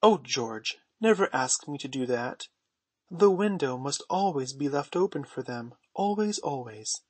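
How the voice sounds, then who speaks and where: A man voicing a gentle, anxious mother who speaks timidly and pleads. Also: medium pitch, lively intonation, measured pace, slightly rough, dry recording.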